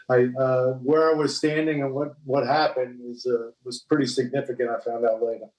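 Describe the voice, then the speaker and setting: A man's voice: medium pitch, fairly even intonation. A middle-aged man from Long Island with a New York accent, a podcast guest speaking plainly with many hesitations. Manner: plain, halting with many uhs. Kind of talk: casual podcast conversation. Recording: echoey room.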